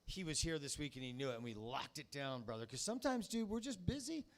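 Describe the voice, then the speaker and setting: A man hosting a comedy night in a bar, rambling and excitable, shouting introductions. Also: on the high side, fast. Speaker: host. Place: comedy bar, live audience.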